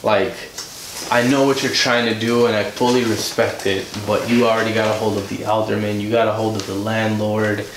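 A man's voice: lowish voice, moderate pace. A man, a podcast guest, telling a story in a casual way and acting out the voices of the people in it. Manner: animated, acts out quoted dialogue. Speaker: podcast guest, music director and producer. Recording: roomy room, faint noise.

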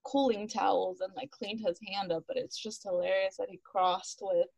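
A talkative woman tells her story as a podcast guest. Her voice has a gravelly fry at the ends of lines, and she laughs often and acts out what people said. The sound is dry and close. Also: medium pitch, moderate pace, no echo, low-quality recording. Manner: animated, laughs often, acts out quotes, many "like" fillers. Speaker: interview guest, runner. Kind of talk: casual storytelling interview.

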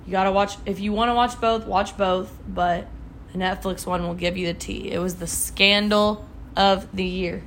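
A young woman with an ordinary mid-range voice talks through celebrity gossip with a friend. She's chatty and animated in her storytelling, with a faint hiss under the recording. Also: medium pitch, normal speed. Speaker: podcast co-host. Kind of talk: casual chat.

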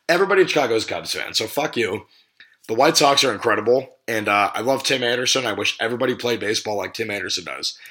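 A man's voice: medium pitch, bright, forceful tone. A man hosting a sports podcast, talking casually in blunt, profane rants that run heated one moment and joking the next. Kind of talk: casual ranting sports talk.

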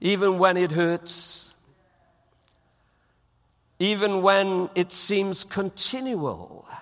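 A man's voice: sits high, fairly even intonation, drawn-out words, a bit bright, long reverb tail. A man preaching a sermon as pastor, emphatic and repeating his phrases for weight. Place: church auditorium.

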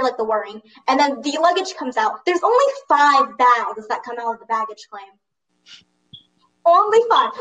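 A teenage girl with a high voice tells a long story in a loose, chatty way, leaning on "like" and laughing between lines. She sits a little back from the microphone, so her voice comes across slightly distant. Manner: animated, lots of "like", laughs mid-story. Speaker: storyteller recounting a school trip. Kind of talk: casual storytelling chat.

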